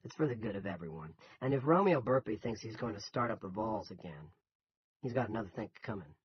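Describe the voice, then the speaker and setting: A man's voice: on the low side, animated, brisk, highs cut off, slight background noise, close to an everyday voice. A man voicing a blustering middle-aged male town boss who gives commanding, scoffing, folksy orders. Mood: bossy.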